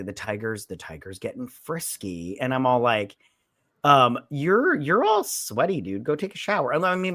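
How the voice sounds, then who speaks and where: A man's voice: medium pitch, a bit bright, no room sound, clean studio sound. A man co-hosting a casual movie review chat, rambling and retelling scenes with a lot of "he's like.". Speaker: movie review podcast co-host.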